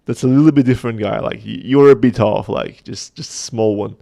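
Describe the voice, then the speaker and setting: Gravelly-voiced man chatting on a livestream. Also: mid-range voice, brisk, warm tone. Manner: chatty, joking, reading chat aloud. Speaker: host of a community livestream. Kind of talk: casual livestream chat.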